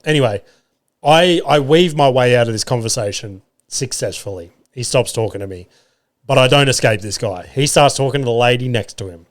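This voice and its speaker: Speaking in a mid-range voice, this Australian podcast host in his thirties spins casual, comedic stories from a room at home. He's wry and profane, leaning on filler and acting out the quotes.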